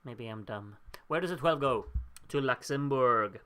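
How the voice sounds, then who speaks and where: A man's voice: medium pitch, lively intonation, unhurried, a bit bright, clear, resonant tone. Chatty young man hosting a livestream. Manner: chatty and upbeat, laughs at himself, thinks aloud. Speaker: livestream host reading out viewer votes. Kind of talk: casual live watchalong chat.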